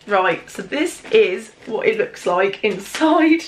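A woman's voice: mid-range voice, normal speed, noisy background. Gushing congested British woman. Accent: British English. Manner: gushing, excitable, swears freely. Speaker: YouTuber. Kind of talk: casual unboxing vlog.

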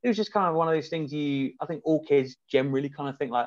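A man talking as a podcast guest in casual conversation, reflective and halting, often restarting his sentences. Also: a little high, no echo. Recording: muffled dry remote audio.

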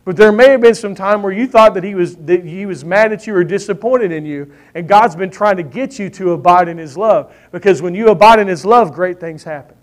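A man's voice: high voice, brisk, few pauses. A man preaching a sermon as pastor, repeating his key lines for emphasis and asking the congregation how many of them know it. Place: church sanctuary.

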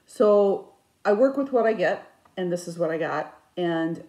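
A woman chatting casually as a cross stitch vlogger, rambling and animated, with sudden outbursts. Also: on the low side, unhurried. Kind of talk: casual chat. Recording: echoey room.

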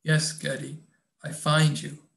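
A man voicing a tender, tearful young woman in love, speaking softly and dropping in French endearments. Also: fairly high pitch, completely flat delivery, takes it slowly, creaky, full character voice.

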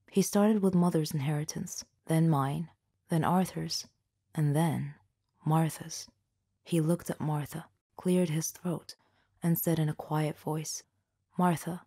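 A woman narrating a scripted first-person story in a steady, even manner. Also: low voice.

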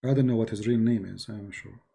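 A man with an Arabic accent, a native Arabic speaker from the Middle East, hosting a livestream and telling stories in a mocking, animated way. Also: on the low side, brisk, vocal fry. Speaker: host. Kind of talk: livestream commentary.

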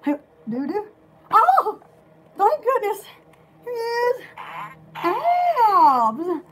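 Woman, very high voice, lively swooping pitch, excitable, giggly, rambling. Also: very slow, slight background noise. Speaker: store vlogger. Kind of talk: casual rambling chat.

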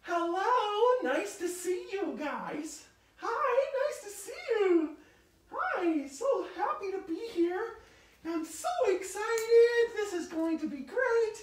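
A woman voicing a giddy, fussy young woman guest who squeals and shouts with excitement, in an echoey room. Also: extremely high pitch, slow pace, recorded from a distance, pitched above the performer's own voice, heavily acted. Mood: excited.

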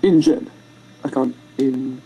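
A fast-talking amateur video maker casually retelling a film over rough sketches, rambling, self-mocking, and tripping over words. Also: mid-range voice, fairly even intonation, dark tone, slight background noise, poor audio. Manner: makes silly sound effects and character voices.

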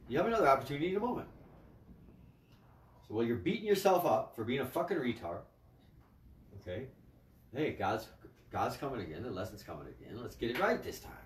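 A man's voice: medium pitch, very animated, a little fast, pauses often. A man leading a spiritual group on a livestream, talking in a profane, scolding way. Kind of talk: livestream talk. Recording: echoey room, mic at a distance.

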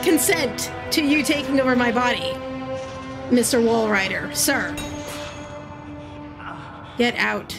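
A woman's voice: high voice, expressive, slow pace, gravelly, pauses often, music in the background. Jumpy woman streaming a horror game. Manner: jumpy, yelps and talks herself through scares. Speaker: gaming streamer. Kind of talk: horror game let's play commentary.

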